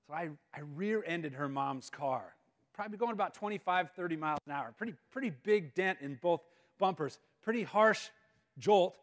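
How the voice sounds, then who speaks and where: Guy telling a funny story at a school assembly, high-ish voice, lots of repeated words. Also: moderate pace. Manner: animated, self-mocking, repeats words. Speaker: guest speaker. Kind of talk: humorous storytelling talk. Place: school auditorium. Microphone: live-stream mic.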